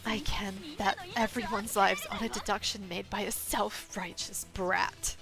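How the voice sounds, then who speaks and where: Woman doing a hushed, composed cornered suspect. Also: medium pitch, steady tone, unhurried, vocal fry, over music. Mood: cold. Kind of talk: reading game dialogue aloud.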